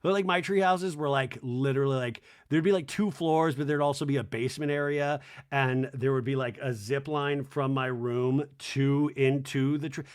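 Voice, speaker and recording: A man hosting a podcast, giving a casual, comedic TV recap in a rambling, animated way with lots of "like". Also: mid-range voice, normal speed. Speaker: podcast host.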